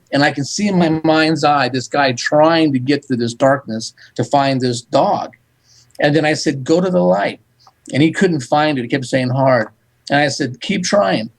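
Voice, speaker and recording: Man telling a story, slightly high voice. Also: rough recording. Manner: animated, recounts dialogue in quick back-and-forth. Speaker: psychic medium guest. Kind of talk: storytelling in a radio interview.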